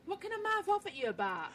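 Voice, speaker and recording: A woman's voice: very high-pitched, rough recording. An English woman co-hosting an internet radio show, casually bantering and teasing with a cheeky laugh. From England. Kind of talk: casual banter reading chat messages.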